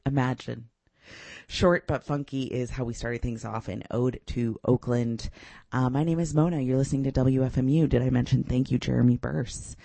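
A woman's voice: very deep voice, fairly even intonation, moderate pace, gravelly, warm tone, dry recording. A woman radio DJ back-announcing songs in a casual, enthusiastic way, with frequent laughs and fillers. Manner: enthusiastic, giggly, with many "uh" fillers.

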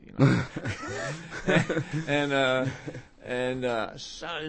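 Middle-aged male guest, average pitch, rambling self-deprecating storyteller. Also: fairly even intonation, moderate pace, vocal fry, a little hiss or hum. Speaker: musician guest. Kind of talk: casual interview chat.

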